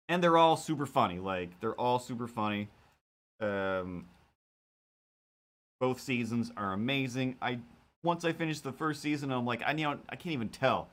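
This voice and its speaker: A man chatting off the cuff on a live stream, drifting from one tangent to the next. He fills the gaps with ums and likes and keeps slipping into quick playful quotes of himself. His voice sits at an ordinary pitch for a man. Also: expressive, fairly bright tone. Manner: rambling, filler-heavy, jumps into playful self-quotes. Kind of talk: casual live-stream chat.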